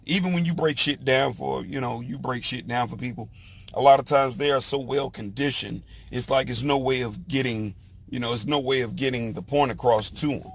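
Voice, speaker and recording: A man in a casual monologue, talking haltingly with lots of fillers and restarts. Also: mid-range voice. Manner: slow, halting, with many "you know" fillers and restarts. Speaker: speaker sharing opinions.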